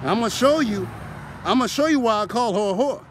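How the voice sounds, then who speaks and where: A man in a car casually telling a story in an animated, streetwise way, acting out arguments. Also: high-pitched, quick pace, a little hiss or hum.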